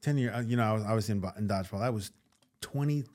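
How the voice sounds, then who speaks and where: A man's voice: lowish voice, rapid-fire, a little mellow. A man, an actor and comedian, chatting casually as a podcast guest and acting out quotes in put-on voices. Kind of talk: casual storytelling chat.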